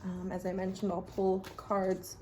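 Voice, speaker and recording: A woman chatting casually and reflectively in her bathroom while drawing oracle cards, often dropping to a hushed voice. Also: mid-range voice, monotone, unhurried, slight background noise. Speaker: vlogger reading oracle cards. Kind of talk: casual rambling chat. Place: home bathroom.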